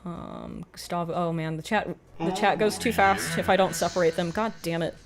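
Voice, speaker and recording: A woman in her thirties streaming live, chatting casually with viewers, swearing freely and bursting into loud excited greetings. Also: fairly low pitch, moderate pace, crowd noise.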